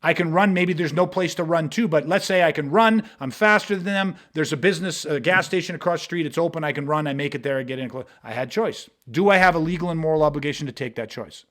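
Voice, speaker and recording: Blunt profane man, high voice. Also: quick pace, few pauses, fairly bright tone. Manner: blunt, profane, emphatic, uses hypothetical street scenarios. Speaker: martial arts instructor. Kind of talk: podcast conversation.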